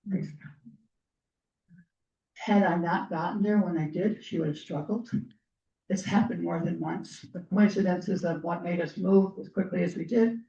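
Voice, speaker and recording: A woman guest speaker telling personal stories to a group, earnest and clearing her throat often as her voice gives out. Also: on the low side, warm tone. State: losing her voice. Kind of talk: personal storytelling talk. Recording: roomy, distant, dull lo-fi sound.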